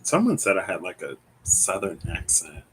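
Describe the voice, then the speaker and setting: A man's voice: deep voice, wildly swooping pitch, moderate pace, fairly bright tone, a little hiss or hum, poor audio. A young man from the American Midwest doing a casual tarot reading, thinking aloud in a meandering, hesitant way and often searching for words. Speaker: tarot reader.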